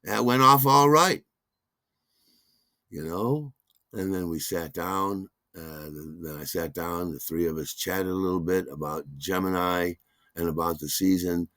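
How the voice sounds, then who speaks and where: A man's voice: low voice, a little slow, pushed and bright, no echo, studio quality. A man hosting a podcast, telling a rambling, self-deprecating personal story full of asides. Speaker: podcast host.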